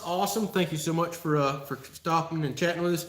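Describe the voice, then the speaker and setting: With a fairly high pitch, brisk delivery and a fairly bright tone, a man hosts a casual live-stream Q&A from Florida. Slight background noise and a roomy echo accompany his folksy, laughter-filled replies to chat.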